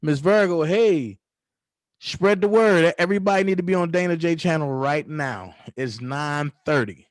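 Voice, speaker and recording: A man hosting a casual livestream, talking in a playful, drawn-out, sing-song way and greeting viewers by name. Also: fairly high pitch, no room sound, studio quality. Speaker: livestream host.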